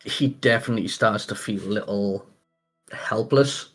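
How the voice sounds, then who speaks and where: A man's voice: fairly low pitch, normal speed, a bit bright, husky, soft background music. A man playing a tabletop game who describes his character's actions hesitantly, with many fillers. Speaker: player.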